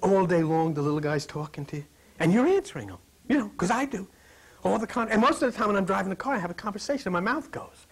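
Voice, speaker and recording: Animated husky-voiced male preacher. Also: high-pitched, quick pace. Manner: animated, jokey, drops to whispers for emphasis. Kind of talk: lively sermon to a live congregation.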